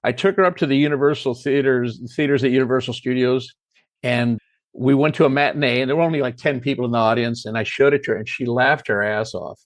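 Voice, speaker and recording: A man's voice: medium pitch, fast talker, no room sound. An older American man, a comedy writer, telling a long story and acting out the voices of the people in it. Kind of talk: storytelling interview.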